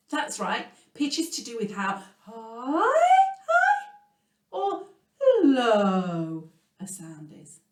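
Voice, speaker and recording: An English woman leading a children's music lesson, animated and sing-song, swinging between loud words and whispers. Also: on the high side. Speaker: music teacher. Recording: echoey room, voice from a distance.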